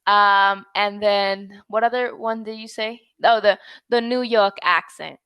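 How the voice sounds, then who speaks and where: A woman's voice: medium pitch, steady tone, bright, forceful tone, smooth, no room sound. Woman tutor coaching English pronunciation. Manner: friendly, patient coaching, models sounds slowly. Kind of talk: online English lesson. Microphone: video call.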